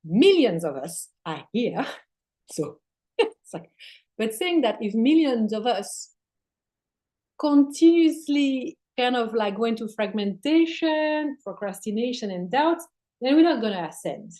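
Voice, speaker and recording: Mellow-voiced woman giving spiritual talk. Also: fairly high pitch, big pitch swings, unhurried. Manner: swears casually, laughs, drops into soft near-whispers. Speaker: spiritual teacher and guest.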